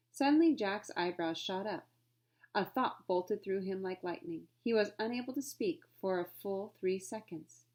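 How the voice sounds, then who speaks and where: Woman narrator, storybook read-aloud, clear and steady delivery. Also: medium pitch, moderate pace. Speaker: reader.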